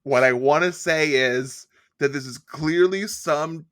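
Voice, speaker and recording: A man co-hosting a podcast in casual chat, riffing jokes and dropping deadpan asides. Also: a little high, takes it slowly, a little hiss or hum. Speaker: podcast co-host.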